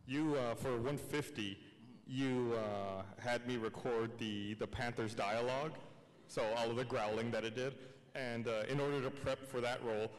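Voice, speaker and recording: A man's voice: medium pitch, steady tone, moderate pace. A man on a convention panel, speaking casually with dry, wry humor. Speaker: panelist, longtime company regular. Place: large convention hall. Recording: echoey convention hall.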